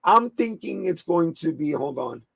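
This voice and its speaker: A man with a New York accent runs a loose, profanity-laced sneaker livestream and talks straight to his chat. His voice sits a little high and carries a gravelly edge. The sound is close and dry. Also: very animated, measured pace, a bit bright, dry recording. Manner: profane, streetwise, chatting with live viewers.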